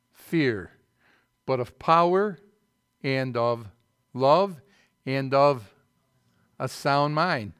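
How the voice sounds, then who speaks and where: A middle-aged man preaching a sermon as pastor, swinging from loud emphatic bursts to quieter asides and light teasing. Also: a little high, clear, resonant tone, no echo, clean studio sound.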